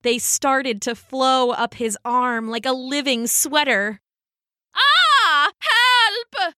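A woman reading a children's storybook aloud in an expressive, unhurried way. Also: on the high side, no room sound, studio quality. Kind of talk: storybook read-aloud narration.

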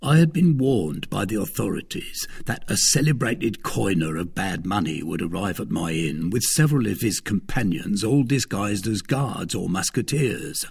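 A man doing a slow, fawning innkeeper. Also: fairly low pitch, lively intonation, vocal fry, slightly rough, full character voice. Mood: pleading. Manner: slow, pleading, deferential. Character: trembling, fawning male innkeeper, timid.

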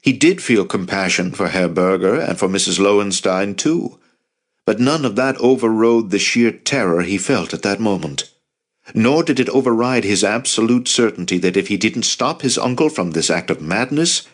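In a fairly low voice, a man reads scripted audiobook narration at a steady, measured pace.

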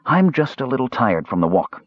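A man voicing a frail, proud young mage who speaks quietly and curtly. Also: mid-range voice, very animated, normal speed, dry recording, dull audio. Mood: weary.

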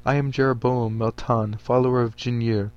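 An earnest, solemn preacher, read by a man in a storybook reading, with formal, stiff phrasing in an ordinary middle-pitched voice. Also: flat delivery, moderate pace, a little mellow, dull audio, close to an everyday voice. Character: earnest, solemn male preacher, former soldier.

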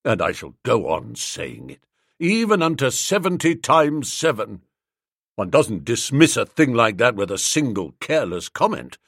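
A man voicing a glib, teasing young English friend in an audiobook, with a dry, mocking manner and a husky voice. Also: medium pitch, a bit bright, no echo. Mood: mock-solemn. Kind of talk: audiobook character reading.

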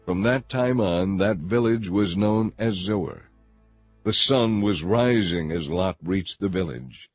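Low-voiced male scripture reader. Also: husky. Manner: measured, steady. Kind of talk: scripted narration. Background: faint music.

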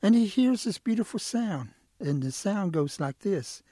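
A man telling a traditional animal story the way he tells it to schoolchildren, relaxed and animated. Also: sits high, a little slow, heavy background noise. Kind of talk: oral folk storytelling.

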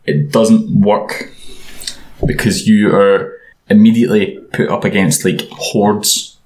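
A man's voice: lowish voice, steady tone, takes it slowly, darkish tone, low-quality recording. A man co-hosting a casual chat about video games, rambling and full of restarts. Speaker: podcast co-host.

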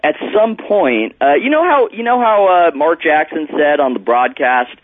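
A man's voice: fairly high pitch, animated, normal speed, no room sound. Male guest reporter on a phone line, hesitant, self-correcting, dry tinny sound. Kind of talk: radio phone interview.

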